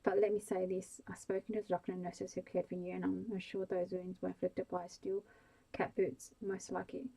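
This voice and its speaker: A kindly but firm policeman speaks gently to a young man, as a woman reading a bedtime story puts him on. The voice sits low and mellow, with a gravelly edge. It moves in a narrow, even line. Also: moderate pace. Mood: fatherly. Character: kindly middle-aged male country policeman.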